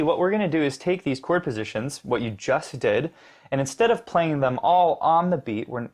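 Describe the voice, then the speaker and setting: A man teaching piano, explaining rhythm step by step with encouragement and counting the beats aloud. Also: medium pitch. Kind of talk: instructional lesson. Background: piano playing.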